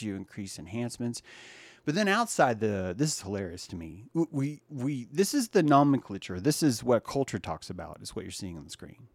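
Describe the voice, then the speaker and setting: A man hosting a casual livestream talk show, swinging between loud, mocking rants and low, muttered asides while greeting chat viewers by name. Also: no echo. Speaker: livestream podcast host.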